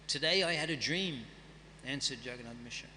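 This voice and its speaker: A man's voice: medium pitch, a little fast, bright, forceful tone, in a large hall, a little hiss or hum. A man giving a scripture class, reading and chanting verses and then explaining them in a conversational way. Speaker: guest speaker at a temple festival. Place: temple hall.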